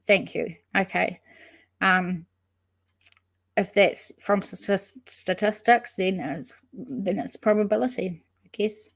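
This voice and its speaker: A woman's voice: medium pitch, normal speed. Hesitant woman chatting on a livestream. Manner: thinks aloud, hesitant with frequent ums and restarts; greets and answers chatters by name. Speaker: host of a true-crime livestream. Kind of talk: casual livestream chat reading viewer comments.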